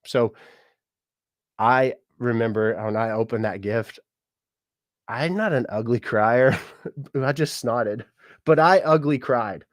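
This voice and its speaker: A man's voice: mid-range voice, no room sound. Upbeat male livestream host reading chat comments, mid-range voice, dry close sound, laughs easily and corrects himself on the fly. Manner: chatty and upbeat, often laughing, with quick self-corrections. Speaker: musician and mortician hosting a livestream.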